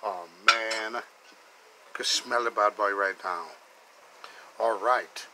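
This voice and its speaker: A man's voice: on the low side, takes it slowly, sharp tone, slight background noise, poor audio. A man hosting a cooking video, chatting enthusiastically as he cooks and tells stories. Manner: chatty, enthusiastic, calls the food "bad boy". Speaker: cooking channel host. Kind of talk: casual cooking demonstration with storytelling.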